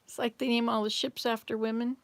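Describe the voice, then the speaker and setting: An older woman chats her way through a live stream, drifting from one memory to the next and stopping to answer viewers. Her voice sits a little high, and it sounds close and dry, with no room around it. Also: level tone, a little fast, no echo. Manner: chatty, rambling, answers viewers' comments. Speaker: livestream host reading chat. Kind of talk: casual live chat. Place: home, in Canada.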